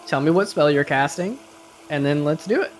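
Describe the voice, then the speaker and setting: A man's voice: a little high, animated, moderate pace, a little hiss or hum. Casual male game master describing scenes. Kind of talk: narrating a tabletop game.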